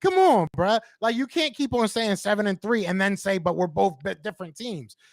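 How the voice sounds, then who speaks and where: High-voiced man arguing football. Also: normal speed, dry recording. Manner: animated, insistent, repeats himself. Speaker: podcast co-host. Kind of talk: heated sports debate.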